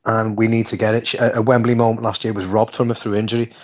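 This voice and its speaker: A man co-hosting a podcast in casual chat, an animated storyteller with a voice worn hoarse. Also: quick pace. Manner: animated storyteller, jumps high in pitch. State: hoarse, hungover. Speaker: podcast co-host. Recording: dull lo-fi sound.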